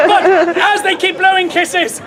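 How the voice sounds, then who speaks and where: High-voiced man hamming it up outdoors. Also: very noisy. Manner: playful, quick to laugh, directing volunteers. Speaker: comedy stage performer. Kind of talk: audience-participation comic storytelling. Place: outdoor fair stage. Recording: loud outdoor fair crowd. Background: crowd laughter.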